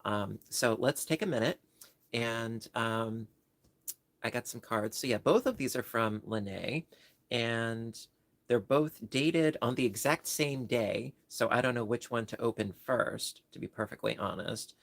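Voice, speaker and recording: A man's voice: mid-range voice, measured pace, creaky, a bit bright, no echo. A man hosting a home livestream, chatting casually and reading viewers' comments, rambling and apologizing with many ums and restarts. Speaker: livestream host.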